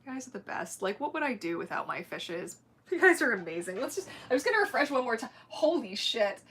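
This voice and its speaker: A German-native woman hosts a livestream from what sounds like a home streaming mic, chatting casually with her viewers. Her voice is bright, forward, a little high and slightly breathy, with big pitch swings and a brisk pace. She gushes, laughs often and links her thoughts with lots of fillers.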